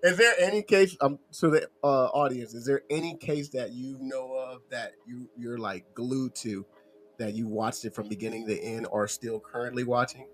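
A man's voice: medium pitch, normal speed. Casting: easygoing male co-host who asks the questions. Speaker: podcast co-host. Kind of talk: casual chat.

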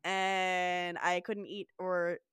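A young woman co-hosting a podcast, telling stories fast and giggly with lots of "like"s. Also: lowish voice, little pitch movement, fairly bright tone, clear, resonant tone, dry recording, clean studio sound. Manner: giggly, fast storytelling with many "like"s. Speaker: podcast co-host. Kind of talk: casual chat recapping a show.

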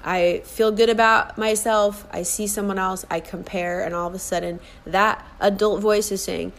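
A woman's voice: mid-range voice, fairly even intonation, normal speed, gravelly, few pauses. A woman in her forties, a life and fitness coach, giving an earnest motivational podcast monologue and repeating key phrases for emphasis. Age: 40s.

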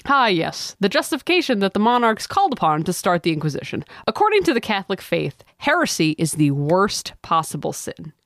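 A young woman co-hosting a comedic history podcast, expressive and jokey. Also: medium pitch, a little fast, hardly any pauses, dry recording. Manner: expressive, laughing, jokey asides. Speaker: podcast co-host.

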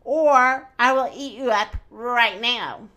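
Storybook lion, big and impatient, slow and weighty lines, played by a woman reader. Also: on the high side, sharp tone. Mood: demanding.

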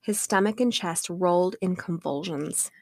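A woman co-hosting a podcast, calmly reading a true-crime book excerpt aloud on a close studio mic. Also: fairly low pitch, normal speed, dry recording. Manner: calm, even narration. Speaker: podcast co-host.

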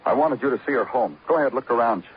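A man playing a calm, methodical detective. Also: mid-range voice, racing, a little hiss or hum, close to an everyday voice. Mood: firm. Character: shrewd male detective laying out a case. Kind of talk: 1940s radio acting. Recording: muffled old radio broadcast.

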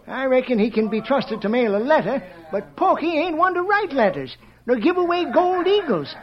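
An actor playing an old, gossipy saloon swamper in a muffled old radio drama, with a folksy chattering drawl. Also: male voice, very high-pitched, sing-song, normal speed, soft background music. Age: older. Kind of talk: 1940s radio acting.

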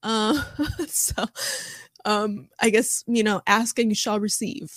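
A woman's voice: mid-range voice, slow, no room sound, clean studio sound. A woman streaming live, reading an article aloud and chatting about it with frequent laughs and fillers. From United States. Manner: chatty and giggly, laughs often, many fillers.

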